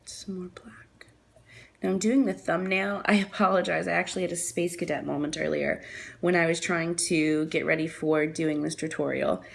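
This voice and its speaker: Woman host of a nail art tutorial, low and gravelly, casual and chatty, recorded on the camera mic. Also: fairly even intonation, a little fast. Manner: chatty, apologetic, thinking aloud with fillers.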